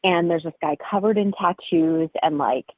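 A woman's voice: on the low side, normal speed, no echo. A woman co-hosting a podcast, telling a story in casual, chatty talk full of "like" and "um". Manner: chatty, lots of "like" and "um". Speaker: podcast co-host. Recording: tinny phone line.

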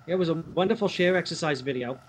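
A man with a slightly high voice answers in a flat, deadpan way, as if barely paying attention. Faint room noise sits underneath him. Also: quick pace, rough recording. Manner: dry, deadpan replies.

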